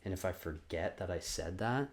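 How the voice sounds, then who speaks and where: Rambling self-mocking young man, low voice. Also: lively intonation, moderate pace. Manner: rambling, self-deprecating, jumps into loud sung and acted bits. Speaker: podcast host. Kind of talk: casual solo podcast monologue.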